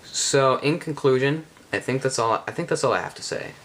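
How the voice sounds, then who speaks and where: Halting, rambling man reviewing a game. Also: mid-range voice, a bit bright, slight background noise. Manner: rambling, halting, with many restarts. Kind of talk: casual spoken game review.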